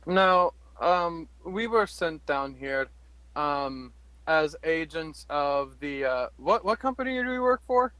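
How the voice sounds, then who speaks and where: A man speaking in character during a tabletop game, polite and unhurried. He hesitates often, and his voice sits a little high. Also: animated, sharp tone, clear, resonant tone, no room sound, poor audio. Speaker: player. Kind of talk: in-character tabletop role-play.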